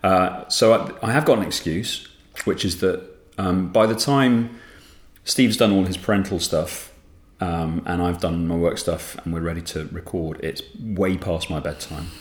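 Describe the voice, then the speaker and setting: Deep-voiced man, rambling podcast host. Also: unhurried, roomy sound. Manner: rambling, self-deprecating, restarts often. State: sleep-deprived. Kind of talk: casual podcast chat.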